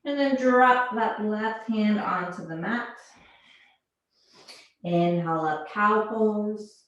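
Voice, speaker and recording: A woman instructor guiding a yoga class, calmly calling out poses and breaths. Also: mid-range voice, dull audio. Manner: slow, calm cueing of poses and breath. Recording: very echoey room.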